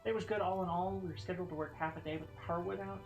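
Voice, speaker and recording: A woman with a Southern American accent chats casually with her viewers on a game stream. She rambles, swears freely and laughs often, and her voice sits fairly low. It sounds echoey, with faint music underneath. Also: steady tone, racing. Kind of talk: casual gameplay stream chat.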